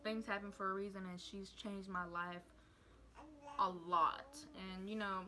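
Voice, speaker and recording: A woman's voice: mid-range voice, steady tone, a little slow, sharp tone. A young woman, a new mother, telling a casual, heartfelt story time to her viewers and rambling with lots of fillers. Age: young adult.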